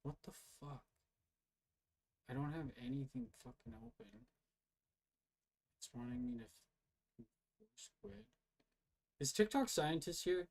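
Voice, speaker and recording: A man's voice: fairly high pitch, very animated, unhurried, creaky, long pauses. A man giving casual live-stream commentary as he reacts to live videos, mocking and swearing a lot and arguing back. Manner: profane, mocking and argumentative.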